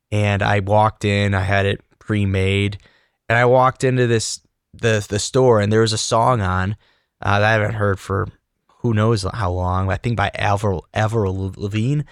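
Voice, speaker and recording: A man's voice: on the low side, smooth, no echo, clean studio sound. A man hosting a faith podcast who speaks in a reflective, sermon-like way. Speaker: podcast host.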